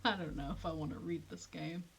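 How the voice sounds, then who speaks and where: A woman's voice: sits low, steady tone, fairly quick, vocal fry, husky. A young woman streamer chatting casually and self-deprecatingly while she plays a detective game, often giggling. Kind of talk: casual gameplay commentary.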